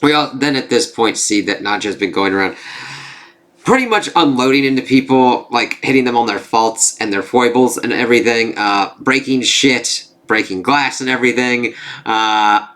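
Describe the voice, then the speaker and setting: A man's voice: medium pitch, moderate pace, fairly bright tone. A man recapping a TV episode in a rambling, casual way, swearing freely and using lots of fillers. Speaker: TV reviewer.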